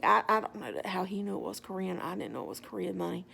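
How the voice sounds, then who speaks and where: A woman telling a story in a lively, wry way. Her voice has a strong, gravelly fry, and faint noise sits behind it. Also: medium pitch, quick pace. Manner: animated, wry humor. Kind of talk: casual storytelling.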